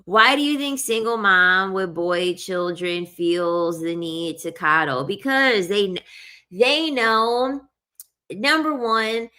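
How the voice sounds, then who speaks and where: A woman's voice: mid-range voice, expressive, slow, bright, forceful tone, clean tone. A woman ranting bluntly to her viewers, swearing freely and repeatedly saying she is sorry. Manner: blunt, profane, keeps saying "I'm sorry". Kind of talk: casual opinionated rant to viewers.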